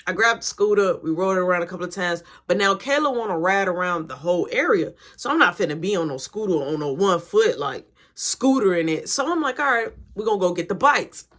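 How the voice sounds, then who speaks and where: A young adult woman telling a casual story, animated and slangy, acting out the quotes. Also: fairly low pitch, fairly quick, few pauses.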